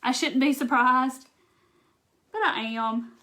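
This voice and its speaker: Slow and forceful, her bright, high voice keeps a fairly even intonation over a little hiss or hum. She's a Southern-accented craft livestream host from Mississippi who chats casually through a live demo, reads viewer comments aloud, and says "y'all."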